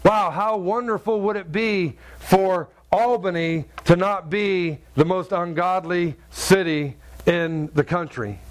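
Pastor, man, high voice, chatty sermon delivery with repeated words. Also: slow, hardly any pauses. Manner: conversational, repeats words, asks the crowd "right?".

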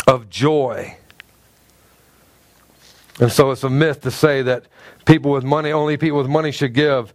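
A middle-aged man, a pastor, preaching a sermon in a church with animated, humorous storytelling and self-mocking asides. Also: on the high side, dry recording. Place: church sanctuary.

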